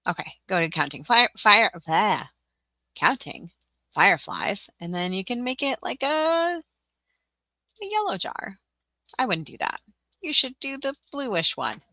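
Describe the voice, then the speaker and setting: Chatty animated woman streaming tutorial. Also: medium pitch, a little slow, long pauses, no room sound. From Tennessee, USA. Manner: chatty and giggly, rambling with fillers. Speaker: livestream host. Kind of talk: casual livestream tutorial.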